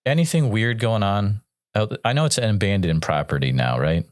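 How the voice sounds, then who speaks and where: A male podcast host with a fairly low, smooth, clear voice asks his questions slowly and thoughtfully, with fillers along the way. The sound is dry and close to the mic. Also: animated, dry recording. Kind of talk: casual interview.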